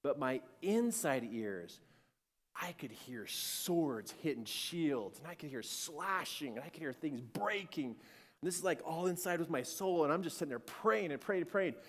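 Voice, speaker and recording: A man telling a personal spiritual story, animated and acting out scenes, swinging between hushed and shouting. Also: on the high side, moderate pace, in a large hall.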